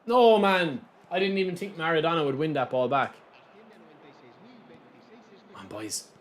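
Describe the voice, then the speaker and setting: A man's voice: a little high, brisk. A young Irish man commenting live on his football video game and chatting with viewers. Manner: animated, chatty, reacting to play and viewers. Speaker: game streamer.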